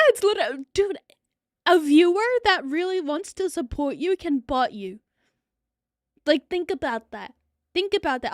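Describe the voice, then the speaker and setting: A woman's voice: sits high, dry recording, studio quality. A young woman streamer chatting casually with her viewers, blunt and profane, laughing often. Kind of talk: casual livestream chat.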